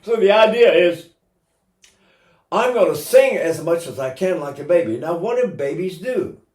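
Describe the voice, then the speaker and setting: A man's voice: sits high, animated, moderate pace, darkish tone. A man in his eighties giving an informal singing lesson as a voice teacher, talking in a chatty way with joking asides. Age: 80s. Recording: roomy echo.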